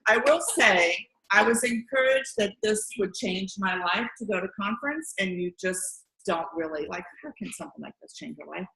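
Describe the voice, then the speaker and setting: A middle-aged woman giving an earnest testimonial at a training meeting, telling her story lively and acting out quotes. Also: mid-range voice, normal speed, creaky, hardly any pauses, slight background noise. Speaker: distributor sharing a story. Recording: echoey room.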